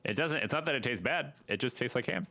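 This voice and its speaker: A man's voice: medium pitch, expressive, fast, bright, forceful tone. A man chatting casually while streaming a game, joking and bantering with friends. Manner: joking, playful banter with bursts of silly voices. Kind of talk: casual gameplay chat.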